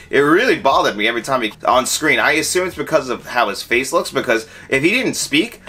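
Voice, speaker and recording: A young adult man giving a casual spoken film review, animated and acting out his own reactions. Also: medium pitch, slightly rough. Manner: animated, acts out quoted reactions.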